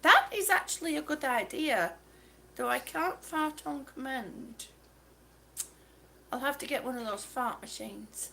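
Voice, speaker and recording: High bright-voiced woman, slow chatty livestream. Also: vocal fry, slight background noise. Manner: chatty storyteller, laughs often. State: on oxygen. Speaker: livestream host. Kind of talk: casual chat, reading viewer comments.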